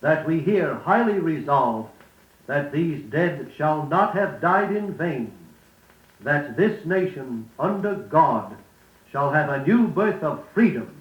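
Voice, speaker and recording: A middle-aged male radio announcer giving a formal spoken lesson with measured, distinct enunciation and stately phrasing. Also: on the high side, lively intonation. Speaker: radio announcer narrating a speech course. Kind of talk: formal scripted instruction and recitation. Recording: lo-fi echoey 78rpm record.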